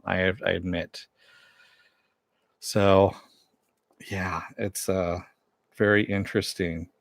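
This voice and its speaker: A man talks through a TV episode in a loose, chatty recap, tossing in asides and the occasional curse. His voice sits on the low side. The sound is dry and close, with no room around it. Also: no echo. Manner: loose and chatty, retells scenes with swearing asides. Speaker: TV show reviewer.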